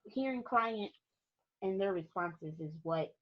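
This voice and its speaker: A woman's voice: medium pitch, slow, lo-fi sound. A woman photographer chatting as a podcast guest, telling stories with lots of emphasis and frequent laughter. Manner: animated storyteller, laughs often, emphatic. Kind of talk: casual interview chat.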